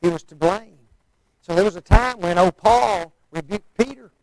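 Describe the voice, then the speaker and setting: A man's voice: high-pitched, normal speed, no echo, low-quality recording. A man preaching a sermon in a folksy, conversational way, often asking the listeners rhetorical questions.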